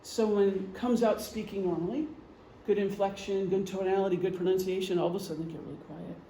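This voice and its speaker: Middle-aged woman presenter, warm dark tone, joking and chatty, recorded in an echoey room. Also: mid-range voice, steady tone, a little fast, a little hiss or hum. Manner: chatty, joking, acts out gestures. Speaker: presenter, retired police officer and veteran. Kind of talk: casual lecture.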